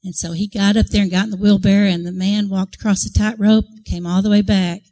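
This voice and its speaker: With a steady, warm, mid-range voice and a brisk pace, this woman delivers a devotional talk to a church group, though the audio is poor. She is a women's ministry speaker who tells a story earnestly, acts out the crowd's reactions, and chats with the audience, posing questions to them.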